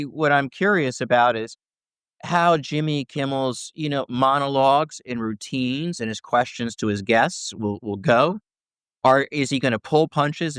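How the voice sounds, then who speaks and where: Answering interview questions as a First Amendment scholar, he talks through long explanations, pausing to ask "right?" between points. His medium-pitched voice sounds fairly bright, clear and resonant in a dry, studio-quality recording.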